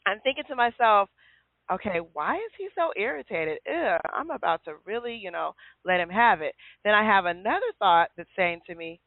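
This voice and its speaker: A woman hosting a casual call-in radio chat, telling stories with lively acted-out quotes. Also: medium pitch, moderate pace, no room sound. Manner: lively storyteller who acts out quotes. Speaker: show host. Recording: tinny phone line.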